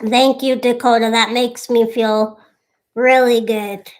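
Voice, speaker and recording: Young woman on a live stream, kinda high voice, slow easy talk, thanks everyone by name. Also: level tone. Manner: chatty, thanks viewers by name. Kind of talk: casual live-stream chat.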